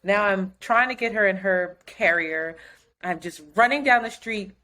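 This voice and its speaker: A woman co-host tells a story in casual, profane chat, slipping into acted quotes of other people. Her pitch sits in the middle for a woman. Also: moderate pace, bright, forceful tone. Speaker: podcast co-host.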